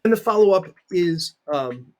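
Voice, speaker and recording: A man's voice: sits high, lively intonation, measured pace, darkish tone. A middle-aged man teaching in a recorded video lecture, talking conversationally and putting questions to his students.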